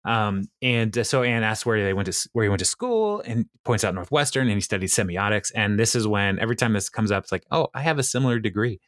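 A man's voice: lowish voice, lively intonation, fast, few pauses, fairly bright tone, no echo, clean studio sound. A man co-hosting a podcast, recapping a TV episode in casual chat, quoting scenes and laughing often between fillers. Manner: laughs often, recounts scenes with quoted lines and many fillers. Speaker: podcast co-host.

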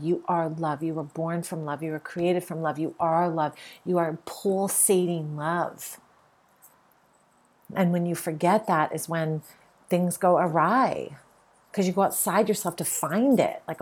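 Low, husky woman preaching love. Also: measured pace. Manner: earnest, repetitive, emphatic. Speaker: podcast host. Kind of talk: spiritual monologue.

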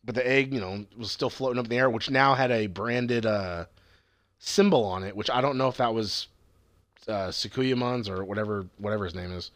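A man in his thirties, co-hosting a podcast, recapping an episode in casual, animated chat and swearing freely. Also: lowish voice, a little fast, no echo. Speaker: podcast co-host.

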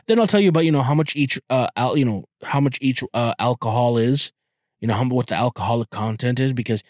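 A man's voice: mid-range voice, a little mellow, no echo, clean studio sound. A man hosting a podcast, chatting casually in a rambling, profane way with many stammered restarts. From Canada. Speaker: podcast host. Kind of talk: casual chat.

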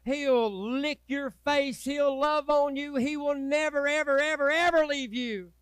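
A man preaching a sermon as pastor, folksy and swinging from loud urging to low, quiet asides. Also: fairly even intonation, unhurried, no echo. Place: church sanctuary.

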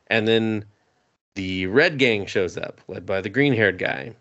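A man's voice: lowish voice, a little slow, pushed and bright, highs cut off. A man casually recapping an anime on a podcast, rambling and laughing, acting out the characters' lines with plenty of swearing. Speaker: podcast co-host.

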